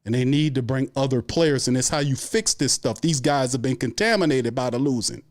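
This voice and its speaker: A man's voice: mid-range voice, fairly quick. A man hosting a sports show, delivering an angry, profane fan rant full of repeated complaints. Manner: angry, profane, repetitive ranting.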